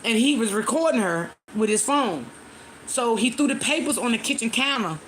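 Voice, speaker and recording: A woman hosting a casual live stream, retelling a story to her viewers in a chatty way with many pauses and fillers. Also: a little high, lively intonation, a little hiss or hum.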